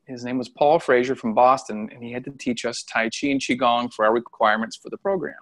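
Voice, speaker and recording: A middle-aged man, a Chinese medicine practitioner, telling a story in casual conversation from home over a video call, animated and laughing often. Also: mid-range voice, a little fast. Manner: animated, acts out voices when quoting people, laughs often. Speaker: Chinese medicine practitioner and qigong healer, interview guest.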